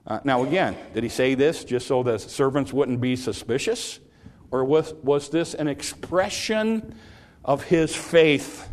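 A middle-aged man preaching a sermon, earnest, repeating phrases and rising in pitch on points he stresses. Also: lively intonation, unhurried. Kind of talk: sermon, Bible teaching.

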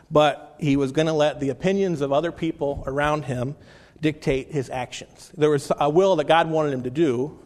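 A male pastor delivers a sermon in a somewhat high voice, talking to the congregation like a friend. He restarts phrases as he goes and slows down when he quotes scripture. His voice carries a long reverb from the church hall. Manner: conversational preaching with frequent restarts, slowing for scripture quotes.

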